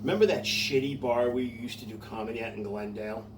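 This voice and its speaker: A man's voice: mid-range voice, quick pace, distant mic, noisy background. A man telling stories in a casual chat, swearing often and laughing through his own stories. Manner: profane, laughing storyteller. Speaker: comedian host.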